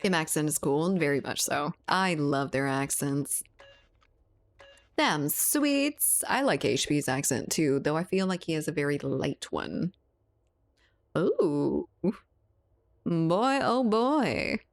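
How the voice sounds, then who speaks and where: A woman's voice: low-pitched, lively intonation, measured pace. A woman from Louisiana streaming, casually chatting with her viewers, laughing often and swearing now and then. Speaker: livestreamer reading chat. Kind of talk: casual chat.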